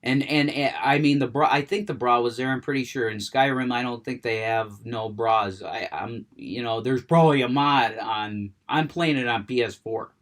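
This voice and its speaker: A man's voice: mid-range voice, normal speed, hardly any pauses, a bit bright. A man rambling about video games in a casual monologue, stammering, restarting sentences, cursing freely. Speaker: gaming vlogger.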